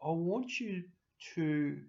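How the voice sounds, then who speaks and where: A middle-aged man, rambling emotionally to camera in a farewell vlog, breaking into loud mimicry and laughter. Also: fairly high pitch, expressive, takes it slowly. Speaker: YouTuber signing off. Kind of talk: casual personal talk to camera. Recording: dull lo-fi home recording.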